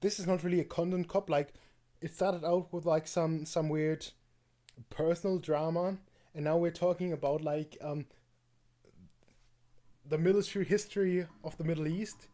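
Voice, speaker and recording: A man's voice: fairly high pitch, steady tone, normal speed, long pauses, warm tone. A man streaming live, reacting to a video with rambling, mocking commentary, full of fillers and laughs.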